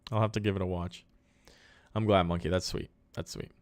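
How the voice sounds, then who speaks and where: A man's voice: low-pitched, fairly even intonation, fairly quick, dry recording, clean studio sound. A man hosting a casual live podcast, reading viewer comments aloud and answering them in an upbeat, chatty way. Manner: upbeat, thanks viewers, answers questions on the fly.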